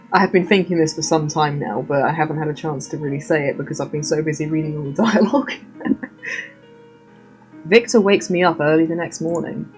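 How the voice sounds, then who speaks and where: A woman's voice: low-pitched, darkish tone. A woman reading a story game aloud as narrator, with wry, playful asides of her own.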